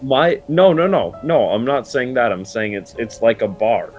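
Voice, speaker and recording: Young male guest from Minnesota, deadpan and dry, faint music under him. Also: medium pitch, moderate pace. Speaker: podcast guest. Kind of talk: casual chat.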